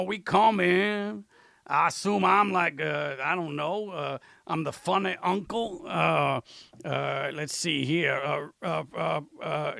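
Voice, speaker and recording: A man doing Rufus, gravelly boastful sidekick. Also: high voice, pushed and bright, no echo, exaggerated voice. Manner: rambling, boastful, full of "uh" fillers. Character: boastful, self-important grown man sidekick.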